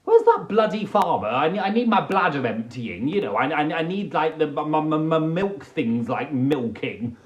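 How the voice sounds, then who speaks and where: Brief: man doing a cranky dairy cow, indignant and sweary, high and swooping. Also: very animated, moderate pace, hardly any pauses. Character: bewildered grumpy dairy cow, female.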